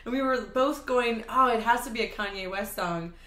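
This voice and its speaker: A woman co-hosting a podcast in casual chat, relaxed and agreeable, often giving short replies. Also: fairly high pitch, normal speed, roomy sound. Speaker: podcast co-host.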